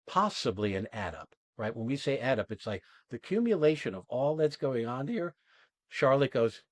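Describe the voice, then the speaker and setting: A man coaching actors after an exercise, talking casually and acting out quoted lines in animated bursts, often asking "right?" and swearing now and then. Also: medium pitch, moderate pace, no echo. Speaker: acting coach and podcast host.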